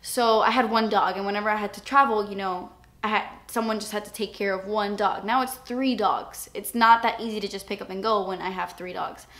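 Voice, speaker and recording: A woman's voice: medium pitch, steady tone, fairly quick, few pauses, fairly bright tone. A young woman vlogger talking candidly and emotionally to camera in a casual confessional chat. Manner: emotional, candid, near tears at times. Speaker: beauty vlogger.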